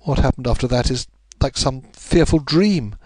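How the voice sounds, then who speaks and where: A man reading a classic story aloud, voicing a frightened noblewoman confessing a secret in a measured, earnest way. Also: mid-range voice, darkish tone, slightly rough, dry recording, close to an everyday voice.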